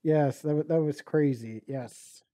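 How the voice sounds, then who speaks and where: A man co-hosting a casual sports podcast in a halting, deadpan way. His voice is very dark and mellow and sits a little high. It is recorded close and dry. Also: no room sound. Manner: halting, deadpan, with many restarts. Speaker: podcast co-host. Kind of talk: casual chat.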